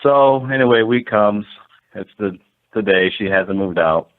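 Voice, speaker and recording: A man's voice: lowish voice, measured pace. A man, a landlord guest, telling a story casually and rambling, full of "like" and acted-out quotes. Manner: rambling, animated, lots of "like" and quoted dialogue. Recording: tinny phone-like line.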